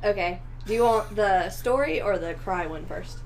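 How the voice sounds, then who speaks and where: Woman, podcast co-host, casual chat, quick, chatty, mid pitch. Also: lively intonation, a little mellow, a little hiss or hum.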